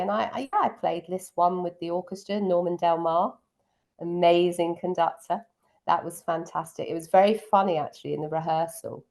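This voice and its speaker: Gravelly low woman reminiscing. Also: darkish tone. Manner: fond, reminiscing, frequent ums. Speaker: piano teacher and pianist. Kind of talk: casual interview chat.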